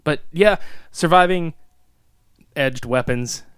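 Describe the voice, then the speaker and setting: A man co-hosting a podcast in casual chat, profane and animated, laughing often. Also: fairly high pitch, takes it slowly, clean tone, no room sound, studio quality. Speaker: podcast co-host.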